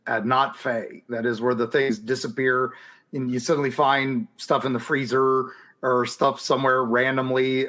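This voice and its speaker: Man co-host, casual, hesitant, mid-pitched everyday voice. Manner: relaxed, rambling, hesitant with ums. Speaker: podcast co-host. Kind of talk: casual chat answering listener questions.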